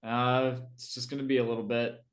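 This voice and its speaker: A man voicing a male adventurer who makes stammering, halting excuses about feeling dizzy. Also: medium pitch, level tone, natural voice. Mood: flustered.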